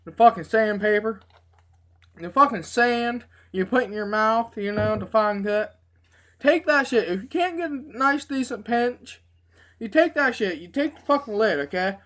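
A woman telling profane, animated stories in a casual review video. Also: a little high, moderate pace. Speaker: tobacco dip reviewer. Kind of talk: casual storytelling.

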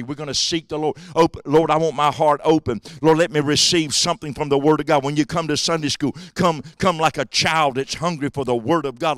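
A man preaching a sermon as pastor, swinging between quiet asides and shouted exhortations. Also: fairly high pitch, no echo, clean studio sound. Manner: swings from hushed to shouting, drawling preacher cadence. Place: church sanctuary.

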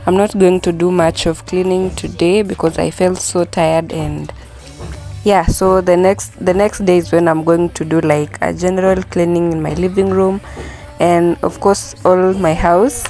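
A Kenyan woman talks slowly and casually in a slightly low voice, dropping in easy "yeah, so" fillers as she goes. She sounds a little distant from the mic in a roomy, echoey space, with faint music under her. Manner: relaxed, lots of "yeah, so" fillers. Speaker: vlogger. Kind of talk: casual haul vlog narration. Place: home.

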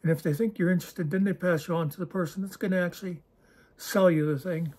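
A man's voice: high voice, fairly even intonation, quick pace, darkish tone, husky. A man hosting his own channel, talking in a casual, digressive monologue with a wry, self-deprecating humor. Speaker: channel host.

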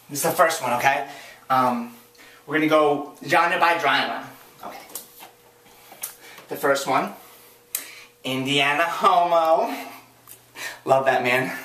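A woman talking to camera in a comedic vlog, campy and playful, her voice swooping up high for jokes. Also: fairly bright tone. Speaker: vlogger. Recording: echoey room, distant mic, faint hiss.

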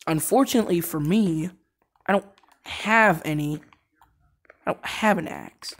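A woman doing let's play commentary on a game, excitable and prone to shouting and laughing. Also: lowish voice, a little slow, pauses often. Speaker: gameplay commentator.

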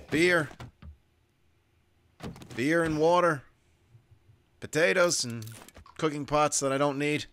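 A man's voice: a little high, slow pace, long pauses, a bit bright, slight background noise. A man giving casual let's-play commentary over a survival game, wry and self-mocking, muttering to himself as he plays. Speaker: gaming YouTuber.

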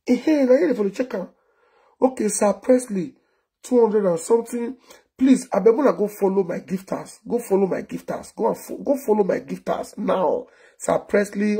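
A Nigerian man in his forties hosting a casual live stream, talking in an animated way and firing off repeated rhetorical questions. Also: sits high. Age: 40s. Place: indoors abroad, cold.

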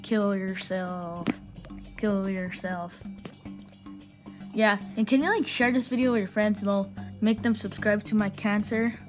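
Brief: woman hosting a gameplay voice-over, casual, rambling, foul-mouthed trash talk, loud game music under the voice. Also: mid-range voice, fairly even intonation, fairly quick, few pauses, rough recording. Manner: rambling, profane, trash-talking. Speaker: gaming channel host.

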